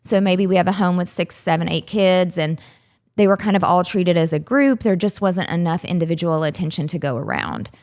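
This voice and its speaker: A woman with a Southern US accent, a relationship coach and psychologist, explaining things clearly and patiently as an interview guest. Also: lowish voice, brisk, darkish tone.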